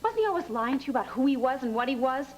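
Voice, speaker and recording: An actress playing a patient older sister in a soap opera, calm and earnest. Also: female voice, high voice, very fast, low-quality recording.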